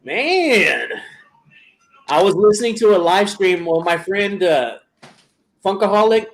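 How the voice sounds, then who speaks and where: Live stream host, male, high voice, loose and chatty, greets viewers. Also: expressive, takes it slowly. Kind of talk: casual live stream chat.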